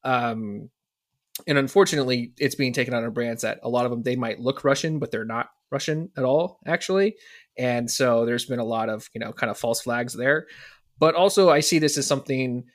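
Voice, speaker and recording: A man co-hosting a casual podcast chat, talking earnestly and rambling with many restarts. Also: medium pitch. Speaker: podcast co-host.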